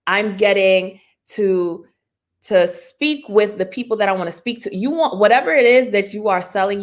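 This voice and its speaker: Woman IP lawyer, conversational teaching talk, plain everyday examples, frequent laughs, video-call mic. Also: mid-range voice. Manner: laughs often, many fillers and restarts. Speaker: intellectual property lawyer. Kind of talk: conversational continuing-education talk.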